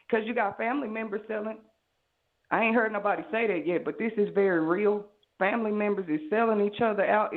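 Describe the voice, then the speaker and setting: A woman with a Southern US accent calling in to a talk show and speaking in a preachy, rambling way. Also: medium pitch. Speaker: caller. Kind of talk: call-in monologue. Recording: tinny phone line.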